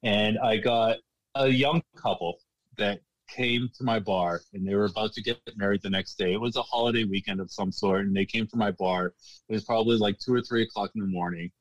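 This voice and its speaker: A man's voice: on the low side, fairly even intonation, fairly quick, no echo, low-quality recording. A man working as a bartender, telling stories casually in an interview, laughing often and restarting his sentences. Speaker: guest, former casino bartender.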